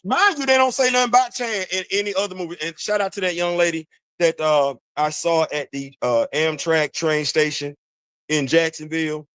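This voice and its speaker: High-pitched guy ranting on his show, aave, repeats himself a lot, dry close mic. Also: moderate pace, smooth, dry recording. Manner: animated, preachy, repeats phrases, talks to chat. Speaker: podcast host. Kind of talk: casual commentary monologue.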